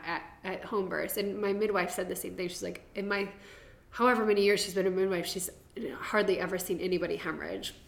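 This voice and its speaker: A woman's voice: mid-range voice, fairly bright tone. A young woman telling her birth story as a podcast guest, chatty and laughing, drifting into tangents. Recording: roomy echo.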